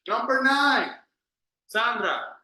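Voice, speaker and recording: Man, English teacher, patient pronunciation drills, high voice, slow, roomy echo. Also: expressive, bright, forceful tone. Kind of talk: online English class.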